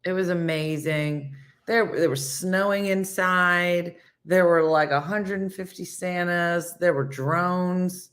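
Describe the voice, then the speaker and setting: Hosting a live morning show, a woman speaks slowly in a low, steady, somewhat bright voice. She reads viewer comments and answers people by name, telling chatty stories with acted-out quotes and lots of laughter.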